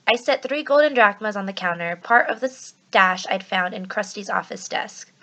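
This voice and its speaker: A woman's voice: medium pitch, expressive, moderate pace, few pauses, pushed and bright, lo-fi sound. A woman teacher reading a novel aloud, narrating expressively and acting out the first-person voice of the story.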